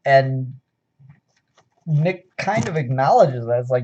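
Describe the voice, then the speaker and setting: A man's voice: medium pitch, animated, takes it slowly, dark tone, lo-fi sound. A man casually reviewing comic books on his own, with a sarcastic, exasperated manner and frequent sighs and fillers.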